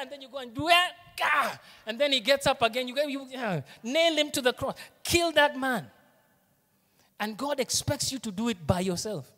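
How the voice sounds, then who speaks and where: High-voiced Kenyan pastor preaching in a hall. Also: male voice. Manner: animated preaching, shifts between hushed asides and loud emphasis. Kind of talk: sermon. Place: church auditorium.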